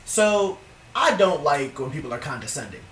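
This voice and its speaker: A man's voice: fairly high pitch, moderate pace, soft background music. Young man telling a casual, cussing story. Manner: casual, profane, animated storytelling. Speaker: vlogger. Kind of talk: storytime vlog. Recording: roomy, distant from the mic.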